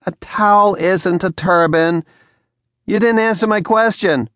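A male narrator voicing a playful, sharp-tongued young woman in an audiobook, with quick, teasing comebacks. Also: high voice, dry recording, studio quality, voice pushed up.

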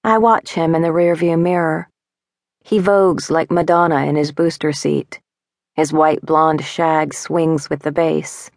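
A woman reads a first-person story slowly and without hurry, her voice a little low and placed close to the mic. The recording is dry, with no room sound, and her manner is measured and wry. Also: steady tone, darkish tone, dry recording. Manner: measured, wry, intimate reading. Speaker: audiobook narrator. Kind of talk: scripted first-person narration. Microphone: close studio mic.

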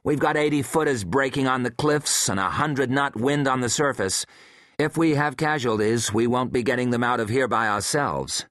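A man voicing a tough, practical woman paleontologist, speaking briskly in a raised voice. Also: medium pitch, a bit bright, no room sound, clean studio sound, voice pushed up, natural voice. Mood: worried.

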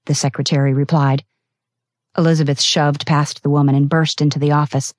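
A woman narrating a novel as an audiobook, reading in a steady, expressive way. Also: low-pitched, brisk, no echo, clean studio sound. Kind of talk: scripted narration.

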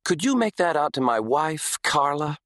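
A man voicing a pale, starstruck autograph seeker who gushes and talks a little too loud in an audiobook. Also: fairly high pitch, big pitch swings, normal speed, no room sound, clean studio sound, voice pushed up. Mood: fawning.

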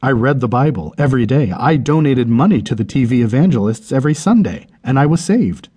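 A man's voice: mid-range voice, expressive, fairly quick, dark tone, breathy edge. A male audiobook narrator voicing a self-assured Christian man who firmly insists he does not belong in hell. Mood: protesting. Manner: firm, insistent, pleading. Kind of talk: audiobook character reading.

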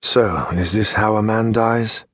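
A man voicing a low, menacing vigilante swordsman. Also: a little slow, dry recording. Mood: taunting. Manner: low, quiet and threatening. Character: cold, menacing young male vigilante swordsman.

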